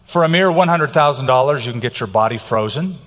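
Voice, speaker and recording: A man's voice: medium pitch, lively intonation, a little fast. A middle-aged man preaching a sermon as pastor, emphatic and varying his pace for effect. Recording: long hall reverb.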